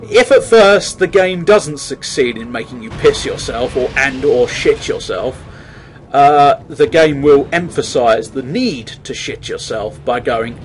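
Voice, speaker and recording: A man's voice: medium pitch, animated, a little slow, a little hiss or hum. A man giving jokey, mildly sweary let's play commentary on a horror game. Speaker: gamer.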